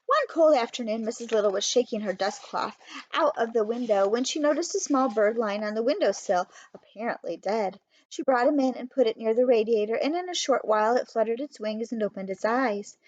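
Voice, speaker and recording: A woman reading a children's storybook aloud in a steady, clear way. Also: fairly high pitch, fairly quick. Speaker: audiobook reader. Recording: dry, slightly muffled.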